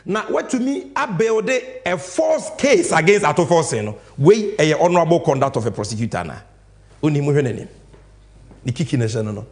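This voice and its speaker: Animated, high-pitched Ghanaian man commentating. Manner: animated, emphatic, switching between Twi and English. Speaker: political talk show host. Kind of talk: heated political commentary. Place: TV studio.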